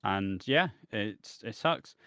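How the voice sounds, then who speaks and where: Man, british, podcast co-host, lowish voice, dry close sound, rambling casual recap. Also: lively intonation, takes it slowly, sharp tone, dry recording. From Britain. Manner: rambling recap with restarts and laughs. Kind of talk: casual chat.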